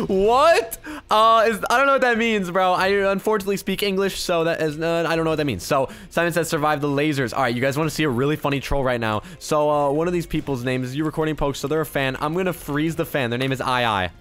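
A young man giving excited gameplay commentary, quick to yell and laugh, with loudness that swings fast. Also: fairly high pitch, smooth, faint music behind. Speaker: gaming YouTuber.

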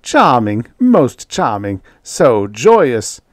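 A man voicing a fussy, pompous male diplomat who gushes and flusters in a high, excitable voice. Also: extremely slow, no echo, studio quality. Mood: gushing. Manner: high-strung, gushing and flustered.

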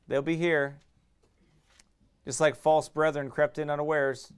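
A middle-aged pastor, preaching a sermon in fiery, emphatic bursts that swing from quiet asides to raised shouts. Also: male voice, fairly high pitch, flat delivery, measured pace, long pauses, clean tone.

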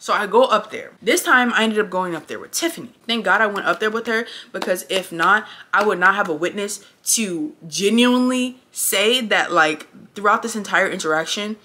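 Young woman vlogging a storytime, bright voice, blunt and cussing a lot, super casual. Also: mid-range voice. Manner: animated, profane, blunt storytelling. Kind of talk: casual storytime while getting ready.

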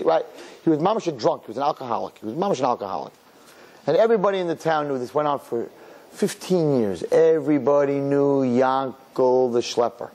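Telling a story as a sermon, a middle-aged rabbi acts out the characters and sprinkles in Yiddish and Hebrew words. His mid-range male voice is warm and quick.

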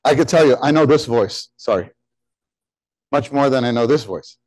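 A man preaching a sermon in a conversational, animated way, asking his listeners questions and rising to near-shouts on key words, then dropping to soft, quiet asides. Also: medium pitch, moderate pace, long pauses, no room sound, rough recording. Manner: drops into soft, quiet asides when quoting God; conversational, asks the audience questions.

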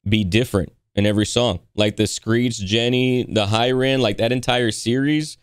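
A man's voice: mid-range voice, normal speed, clean tone, no echo, studio quality. A man hosting a music reaction video, talking loosely with lots of fillers and restarts. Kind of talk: casual reaction commentary.

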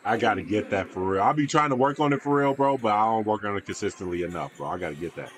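A man's voice: lowish voice, quick pace, fairly bright tone. Laid-back young man reacting to basketball. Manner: laid-back slangy banter, mumbles asides. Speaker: reaction video host. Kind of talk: casual reaction commentary.

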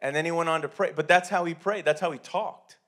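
A man's voice: on the high side, steady tone, quick pace, fairly bright tone. A man preaching a sermon in a church, talking conversationally with many restarts and repeated words. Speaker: pastor.

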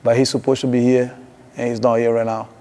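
A man coaching fighters, speaking in halting, broken English in an interview. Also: mid-range voice, flat delivery, warm tone. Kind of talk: reflective interview. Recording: echoey room with long reverb.

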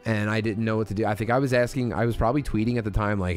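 A man with a fairly low voice telling a comedy story on a stream. He rambles, swears, and keeps restarting his sentences, while faint music plays in the background. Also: very fast, hardly any pauses. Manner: rambling, profane, lots of restarts.

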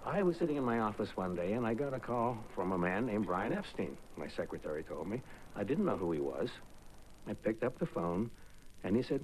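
An older former record executive telling his story in an interview, animated and vivid. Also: fairly low pitch, a little fast, slight background noise, poor audio. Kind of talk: reminiscing interview.

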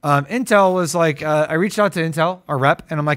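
Male co-host, Ohio accent, higher-pitched, rambling comic energy, dry close mic. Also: fairly quick, hardly any pauses, no echo. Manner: animated, rambling, jokey, voice jumps when excited. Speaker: co-host of tech stream. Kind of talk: casual livestream chat.

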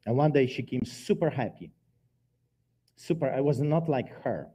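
A man with a dark, mellow voice preaches his testimony from a church pulpit. His storytelling is dramatic, with sudden emphatic rises and drops in loudness. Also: medium pitch, expressive, normal speed, breathy edge. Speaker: guest preacher giving testimony. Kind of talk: testimony sermon.

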